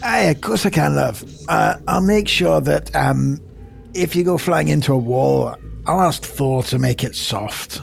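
A man voicing a cheeky adventurer in a put-on Irish accent during a tabletop game, blunt and quick to swear. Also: on the high side, creaky, faint music behind. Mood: reassuring. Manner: swears freely, teasing. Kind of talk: tabletop role-play.

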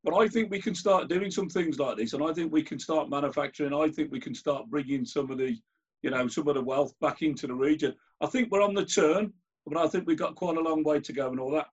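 Birmingham man as host, husky voice, chatty and halting, dull sound. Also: a little high. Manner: conversational, hesitant, restarts phrases. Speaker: host and chair. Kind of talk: hosting a conversation.

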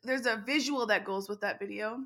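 A middle-aged woman, an education instructor telling a story as an interview guest, animated and quick to laugh. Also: on the high side. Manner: animated, laughs often, speeds up when excited. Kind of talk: conversational storytelling.

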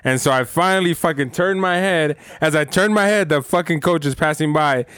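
A man's voice: a little high, fairly quick, fairly bright tone, clean tone, no echo, studio quality. A laid-back man telling a profane story in casual chat, laughing often as he goes.

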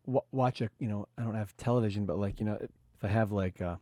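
A male podcast host with a lowish, mellow voice, speaking earnestly and reflectively. He circles his thoughts with frequent fillers. The sound is dry and close. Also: fast talker, no room sound. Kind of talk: casual podcast conversation.

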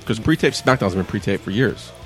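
A man co-hosting a podcast, asking wry, probing questions and cutting in quickly. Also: fairly low pitch, expressive, soft background music. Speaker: podcast co-host. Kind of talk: casual chat.

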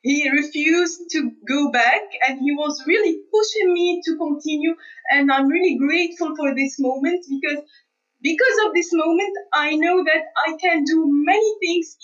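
High-voiced woman. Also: a bit bright. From Tunisia. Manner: earnest, hesitant restarts, light laughs. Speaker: guest scientist. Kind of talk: conversational interview answers. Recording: distant, dull remote recording.

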